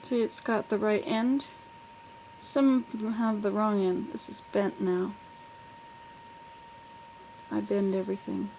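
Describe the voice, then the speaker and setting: A woman's voice: medium pitch, little pitch movement, slow, long pauses, warm tone, slight background noise, rough recording. An older woman giving a casual, rambling video update from home, often correcting herself. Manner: rambling, friendly, self-correcting. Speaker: vlogger. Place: home in the southern US. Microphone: plug-in computer microphone.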